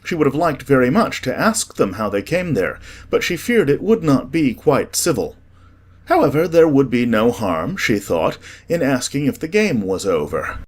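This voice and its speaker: A man narrating a children's classic in a measured storytelling way for an audiobook. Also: mid-range voice, very animated.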